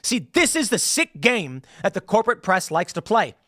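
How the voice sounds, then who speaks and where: Animated, sarcastic male political host. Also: sits high, normal speed, no room sound, clean studio sound. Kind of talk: opinionated political commentary.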